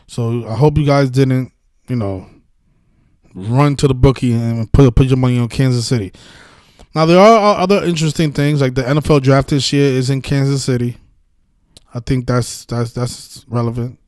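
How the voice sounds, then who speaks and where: A man hosts a casual live stream and rants in a heated, profane, rambling way, often restarting his sentences. His voice sits in a middle pitch and sounds dry and close, with no room echo. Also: moderate pace, a little mellow. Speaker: sports betting video host.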